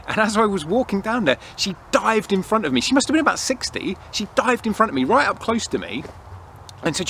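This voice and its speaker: A man's voice: high voice, big pitch swings, a little fast, pushed and bright, slight background noise. A young man chatting outdoors at a winter woodland camp, rambling through stories in a casual way. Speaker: outdoor vlogger. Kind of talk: casual chat.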